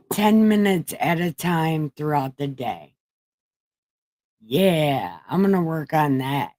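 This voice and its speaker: Woman streamer, unhurried, cussing and rambling, dead-dry room sound. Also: low voice, a little mellow, no echo. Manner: profane, rambling, self-mocking. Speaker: livestream host. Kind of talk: casual irreverent bible-reading livestream.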